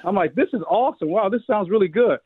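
A man of about fifty telling funny family stories in a casual chat, co-hosting a show and jumping higher whenever he quotes someone. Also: fast, slightly rough. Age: 50s. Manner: animated storyteller, jumps higher for quoted voices. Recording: tinny phone-like radio sound.

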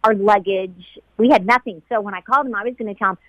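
A woman who was a flight attendant, being interviewed about a painful day. She talks in a halting, emotional way and often repeats herself. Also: mid-range voice, no echo. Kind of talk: emotional personal recollection. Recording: dull lo-fi sound.

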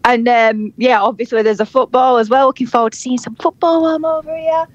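A woman with a broad Yorkshire accent chats cheekily on a podcast, blunt and quick to laugh. Her voice sits a little high. The sound is dry and close, with no room around it. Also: steady tone, no room sound, dull audio. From England, Huddersfield. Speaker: podcast co-host. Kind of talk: casual chat. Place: at home in England, calling in remotely.

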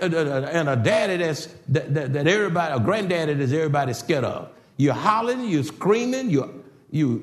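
An older man preaching a sermon in a church, swinging from shouted exhortation to hushed passages. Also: on the high side. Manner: preaching with rising shouts and sudden quiet passages. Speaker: pastor. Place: church sanctuary. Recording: roomy church echo.

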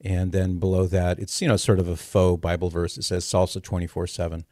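A man hosts a call-in radio program, easygoing and thoughtful as he answers callers. His voice sits low, recorded close and dry with no room sound. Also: level tone, mellow, dry recording. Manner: thoughtful, measured, good-humored. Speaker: radio show host.

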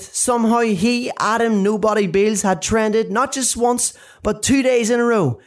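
A reader narrating a children's book aloud, with expressive, drawn-out emphasis. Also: medium pitch.

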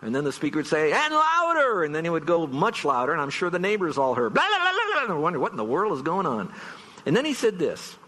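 A man's voice: a little high, lively intonation, fast talker, a bit bright, in a large hall. A man preaching a farewell sermon as pastor, earnest and emphatic, stretching out key words for stress. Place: church sanctuary.

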